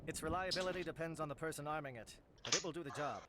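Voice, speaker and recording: A man voicing a stern, formal alien military captain in a video game, giving a solemn, measured briefing. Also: fairly high pitch, a loud crowd, lightly acted. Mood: grave.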